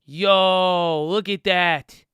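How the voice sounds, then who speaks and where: Bright high-voiced excited man. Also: extremely slow, clear, resonant tone, no room sound, studio quality. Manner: animated, emphatic, slangy, talks back at critics. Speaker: investing vlogger. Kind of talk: casual excited talk to viewers.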